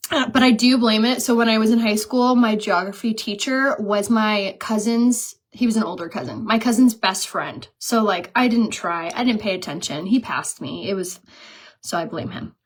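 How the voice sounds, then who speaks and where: A woman in her thirties chatting casually while doing her makeup, telling stories and laughing at herself. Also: on the high side. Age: 30s. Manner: chatty, self-mocking, storytelling, laughs at herself. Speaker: beauty vlogger.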